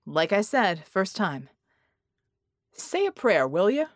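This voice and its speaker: A woman voicing a sarcastic male shapeshifting genie hero with quick, mocking remarks, in an audiobook. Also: medium pitch, very animated, no room sound, clean studio sound. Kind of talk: audiobook character voice.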